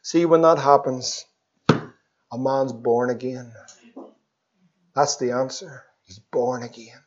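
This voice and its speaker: A man preaching an evangelistic sermon, swinging between loud pleas and hushed tones. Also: mid-range voice, steady tone, slow pace. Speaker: pastor. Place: church. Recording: dull lo-fi sermon recording.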